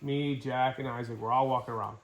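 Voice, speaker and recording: Animated man telling a hunting story. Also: medium pitch, fairly quick. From Wisconsin. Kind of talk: casual storytelling. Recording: echoey room.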